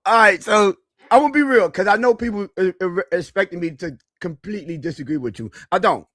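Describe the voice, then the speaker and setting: A man hosting a sports podcast, talking casually and haltingly with frequent restarts. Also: sits high, a bit bright, no echo, clean studio sound. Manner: halting, hesitant, restarts often. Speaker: podcast host.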